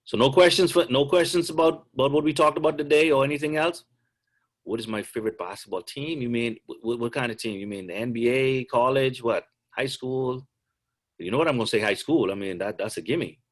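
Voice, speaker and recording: A man's voice: mid-range voice, fairly quick. A middle-aged man, a basketball coach, answering questions on a video call in a chatty, joking way.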